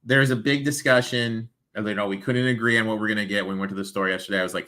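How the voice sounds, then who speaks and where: A man's voice: fairly low pitch, steady tone, fast, sharp tone. A man hosting a sports betting show, chatting casually and rattling off baseball stats.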